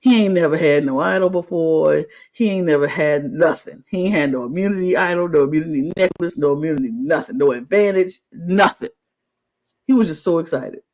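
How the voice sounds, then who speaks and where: An animated co-host on a casual reality-show podcast, talking with a lilt. The delivery is lively and theatrical, jumping into mock voices of the contestants mid-story. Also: medium pitch, brisk, rough recording. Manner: animated, acts out contestants' lines in exaggerated voices.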